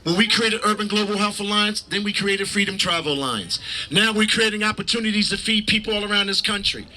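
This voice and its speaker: A man giving a passionate rally speech outdoors, preacher-like, building to shouted call-and-response with the crowd. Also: high voice, fairly quick, rough recording. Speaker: rally speaker. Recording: crowd noise in the background.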